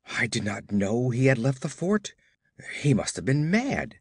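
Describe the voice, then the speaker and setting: A man's voice: medium pitch, sing-song, measured pace, husky, no echo, clean studio sound, full character voice. A man voicing a young, earnest frontier governor who speaks formally and sounds worried, read as an audiobook character.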